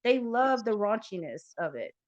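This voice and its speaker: A woman hosts a podcast in loose, casual chat, rambling and swearing freely with plenty of fillers. Her voice is medium-pitched and sing-song at a moderate pace. The audio is lo-fi and muffled.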